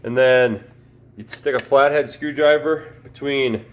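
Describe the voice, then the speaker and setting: A man's voice: medium pitch, fairly even intonation, unhurried. A man hosting a casual how-to repair video, talking in a folksy, chatty, self-deprecating way while he works through the steps, recorded on a handheld phone camera. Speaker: DIY video host.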